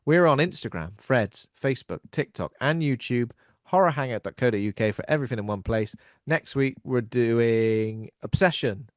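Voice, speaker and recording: A man's voice: mid-range voice, expressive, moderate pace, no room sound. Man, podcast host, casual chat, upbeat, filler-heavy, dry sound.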